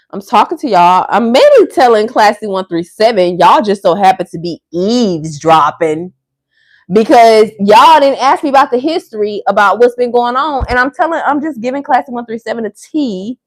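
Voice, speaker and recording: A woman's voice: fairly high pitch, expressive, normal speed, no room sound. A woman hosting a livestream, ranting bluntly and profanely to her viewers in casual chat. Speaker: livestream host. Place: Miami area.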